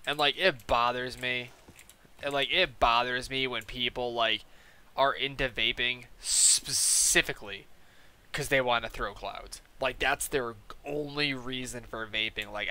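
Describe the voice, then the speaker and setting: Brief: young male gaming host, casual rambling storyteller, swears a lot, very bright and tense voice. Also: mid-range voice. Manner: rambling, profane, filler-heavy. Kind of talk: casual storytelling over gameplay.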